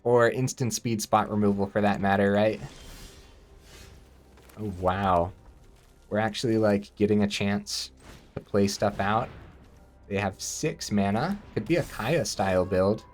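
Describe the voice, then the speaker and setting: A man giving casual gameplay commentary, thinking aloud and breaking into excited outbursts. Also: fairly low pitch, a little slow, long pauses, a little hiss or hum.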